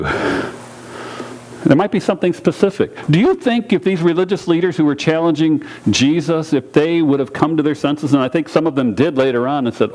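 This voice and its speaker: A pastor preaching a sermon in a church, earnest and direct, repeating key phrases and putting questions to the congregation. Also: male voice, a little high, lively intonation, moderate pace, a little mellow, low-quality recording.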